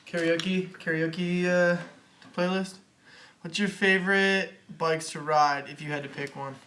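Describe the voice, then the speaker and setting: A fairly high, bright-toned man chatting easily as co-host of a livestream. His manner is laid-back and joking. There is a faint hiss behind him. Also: fairly even intonation, a little slow. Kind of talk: casual livestream chat.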